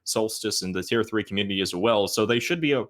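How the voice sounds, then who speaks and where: A man's voice: on the low side, fast talker, fairly bright tone. Playful esports caster, man. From Canada, Toronto. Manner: playful, joking. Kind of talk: esports match commentary.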